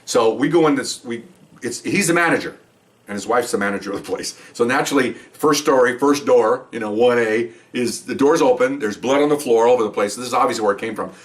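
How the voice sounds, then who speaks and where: Older man, retired police officer, casual storytelling, animated quoted voices, slightly distant mic. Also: a little fast. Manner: animated, acts out quoted dialogue with higher pitch. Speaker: retired police veteran telling stories.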